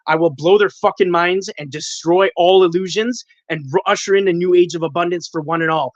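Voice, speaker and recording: A man's voice: sits high, no room sound, highs cut off. A man from Canada calling into a livestream panel, venting in an agitated, profane way. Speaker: caller, panel guest. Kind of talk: livestream call-in chat. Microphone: video call.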